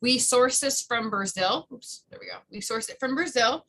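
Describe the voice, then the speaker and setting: A woman's voice: fairly high pitch, normal speed, sharp tone, slight background noise, rough recording. A woman casually explaining product uses in a chatty way, often tripping over words and correcting herself. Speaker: essential oils presenter. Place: her room at home.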